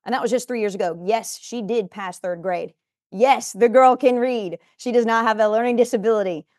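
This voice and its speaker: A woman's voice: a little high, moderate pace, darkish tone, dry recording. A woman in her forties gives a motivational talk in a studio, speaking emphatically and addressing viewers directly.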